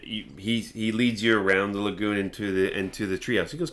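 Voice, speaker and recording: Game master, male, lowish voice, meandering scene-setting, restarts lines, casual tabletop session. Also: steady tone, fairly quick, fairly bright tone. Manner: meandering, restarts sentences while describing.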